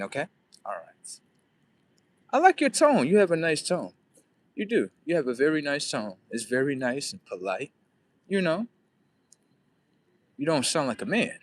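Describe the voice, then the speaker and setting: A young man from Florida, rambling through a story as he walks, acting out what people told him. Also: mid-range voice. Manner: rambling, repeats himself, quotes others in lively voices. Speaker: vlogger. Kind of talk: casual storytelling while walking.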